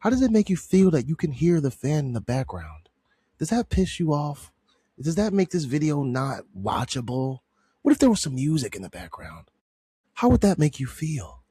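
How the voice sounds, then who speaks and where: A man imitating an overly gentle woman therapist who talks softly and asks prying questions. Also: a little high, sing-song, breathy edge, no echo, pitched above the performer's own voice. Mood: mock gentle. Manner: soft, slow, prying questions.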